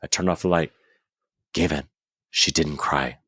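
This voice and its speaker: A man's voice: extremely low pitch, fairly even intonation, measured pace, a bit bright, slightly rough, no room sound, studio quality. A man in his thirties co-hosting a podcast, chatting casually in a joking, profane way with lots of "like". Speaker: podcast co-host. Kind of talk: casual chat.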